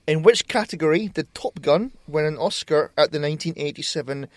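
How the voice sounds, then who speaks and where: A man's voice: fairly high pitch, a little fast, no echo. A man co-hosting a casual podcast, exasperated and swearing often as he plays a quiz game. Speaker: podcast co-host. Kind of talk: casual chat. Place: small home studio shed.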